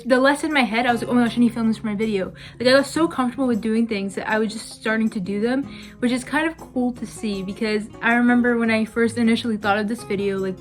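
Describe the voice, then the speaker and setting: A young woman in her early twenties talks straight to her camera, chatty and a little dramatic, with "like" sprinkled through every sentence. Her voice sits a touch on the high side, with soft music playing faintly underneath. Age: young adult. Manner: chatty, dramatic complaining, valley-girl fillers. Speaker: vlogger. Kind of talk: casual vlog chat.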